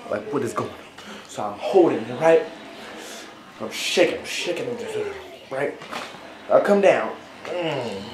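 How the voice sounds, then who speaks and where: In an echoey room, a young male vlogger casually tells a story to camera with a medium-pitched, somewhat mellow voice. It's a rambling, filler-heavy telling, dotted with plenty of "right?" tags.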